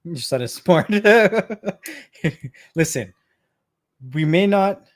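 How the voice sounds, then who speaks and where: In his thirties and from Canada, this man chats casually on his live stream, telling stories and laughing often, with a habit of repeating words. His voice sits a little high and a little mellow, with lively intonation and a measured pace.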